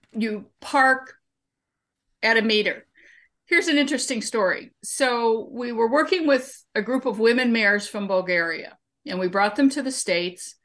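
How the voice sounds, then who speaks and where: A woman's voice: a little high, fairly bright tone. A woman guest in an interview, explaining her civic training work through everyday examples and anecdotes. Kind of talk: conversational interview answers.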